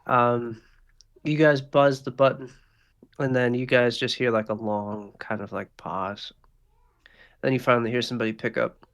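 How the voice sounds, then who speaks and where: This is a man acting as dungeon master and narrating the scene. His delivery is loose and conversational, full of filler words. His voice sits in a middle pitch. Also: fairly even intonation, moderate pace, long pauses, a bit bright, dull audio. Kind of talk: narrating a tabletop game.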